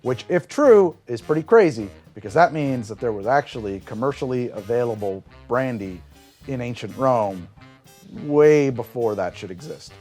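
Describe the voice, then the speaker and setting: A man hosting a cocktail show, explaining a drink's history in an animated storytelling way and describing flavors aloud as he tastes. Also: medium pitch, moderate pace, soft background music. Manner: animated storytelling with big swings in emphasis. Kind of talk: conversational explainer.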